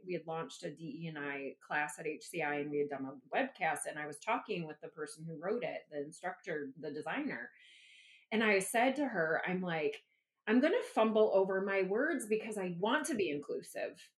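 A woman hosting a podcast, chatting casually and responding warmly to her guest. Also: sits low. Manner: enthusiastic, affirming. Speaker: podcast host.

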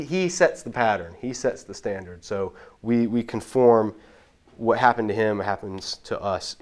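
A man teaching about the Bible in a relaxed, explanatory way, often restarting his sentences. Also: medium pitch. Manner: explanatory, with frequent restarts and repeated words. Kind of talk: casual teaching talk.

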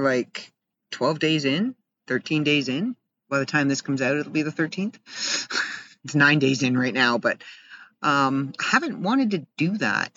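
A man's voice: fairly high pitch, pushed and bright. A man casually telling a rambling, self-deprecating story in a personal vlog, laughing often. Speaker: vlogger. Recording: slightly muffled with faint background hiss.

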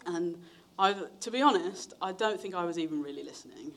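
A man's voice: lively intonation, a little fast, fairly bright tone. A young man, telling his testimony in a sermon in a chatty way, acting out the voices of people he quotes. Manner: chatty storytelling, acts out quoted voices with big pitch jumps. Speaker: preacher.

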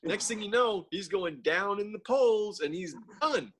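A man chatting on a podcast, his voice rising and falling a great deal as he tells a story. His tone is bright and bold, and he slips into short impressions of other people as he talks. He sounds lively and carried away by the moment. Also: high voice, a little slow. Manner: animated storyteller, acts out quotes. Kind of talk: casual podcast chat.

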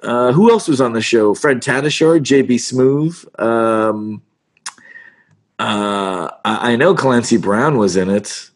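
A middle-aged man, a voice actor, telling stories in a casual interview in an animated, self-deprecating way and acting out the lines he quotes. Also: medium pitch, takes it slowly. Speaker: voice actor guest.

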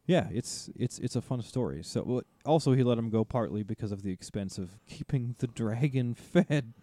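A man in casual podcast talk, retelling a story's events in an easygoing way. His voice sits at a middling pitch with a warm, mellow tone. The sound is dry and close. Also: normal speed, dry recording. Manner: relaxed, summarizing plot with light laughs. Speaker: podcast co-host. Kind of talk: casual discussion summarizing a story.

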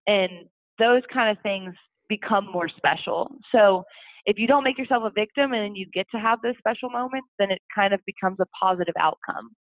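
A woman's voice: mid-range voice, fairly quick, dry recording. A woman guest telling family stories in a chatty way, laughing often. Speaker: interview guest. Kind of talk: casual storytelling. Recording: phone-like dry sound.

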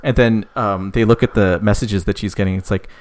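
This man tells a fictional story a little fast and in a steady tone, meandering with frequent fillers and profanity. When characters speak, he shifts into a higher voice.

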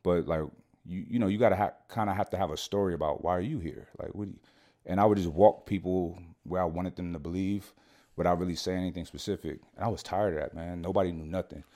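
Deep-voiced man telling a story casually. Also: fairly even intonation, quick pace, dark tone. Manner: slangy and profane, keeps saying "you know what I'm saying". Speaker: podcast guest.

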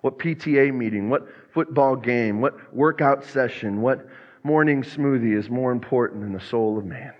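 A man's voice: mid-range voice, moderate pace. Preaching man in an echoing church. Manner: earnest preaching with dramatized quotes. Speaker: pastor. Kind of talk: sermon. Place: church sanctuary. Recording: muffled sound with long church reverb.

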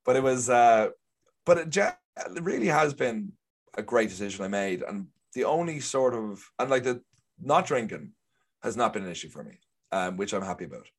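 Speaking at a normal speed in a lowish, lively voice, a young Irish guest actor spins chatty, meandering anecdotes. He performs the quotes of the people in his tales during this casual chat.

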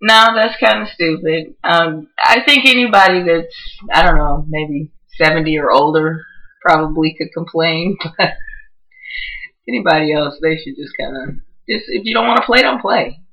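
Female podcast guest, bright voice, shy and giggly. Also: sits low, moderate pace, vocal fry, low-quality recording. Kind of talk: casual podcast chat.

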